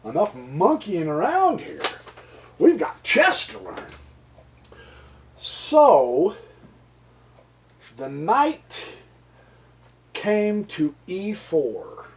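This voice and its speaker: A man's voice: high voice, very animated, extremely slow, long pauses, slight background noise. A tired American man giving a casual chess lesson, rambling and joking to himself between points. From United States. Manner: rambling, jokey asides, mutters to himself. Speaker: chess teacher.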